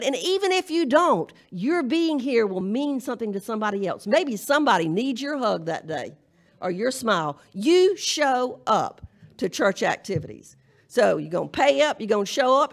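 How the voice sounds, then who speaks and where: Southern lady preacher, a bit high voice, joking and emphatic, gets the church to repeat after her. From Southern United States. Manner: humorous, emphatic, call-and-response with congregation. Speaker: minister giving the charge. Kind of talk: folksy sermon-style charge. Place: church sanctuary at a live service.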